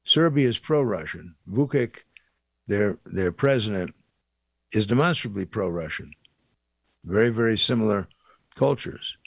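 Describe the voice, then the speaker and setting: A man's voice: on the low side, expressive, measured pace, creaky, pauses often, no room sound. An older man giving a blunt, indignant opinion monologue, rambling with fillers and asides. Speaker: commentator.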